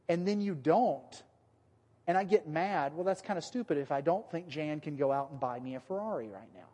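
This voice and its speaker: A man preaching a sermon in a relaxed, conversational way, acting out the voices he quotes. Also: a little high, moderate pace, big-room sound. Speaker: pastor.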